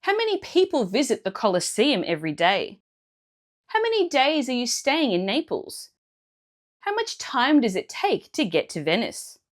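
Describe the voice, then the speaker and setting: A woman teacher explaining Italian grammar clearly and step by step in a scripted lesson. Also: fairly high pitch, wildly swooping pitch, moderate pace.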